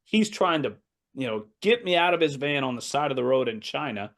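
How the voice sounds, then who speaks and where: Male, 30s, American, podcast guest, lively storyteller who voices other people. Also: medium pitch, a little fast. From United States. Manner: animated anecdote-telling, acting out quoted voices, laughs often. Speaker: assistant basketball coach, podcast guest. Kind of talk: casual storytelling in a podcast interview.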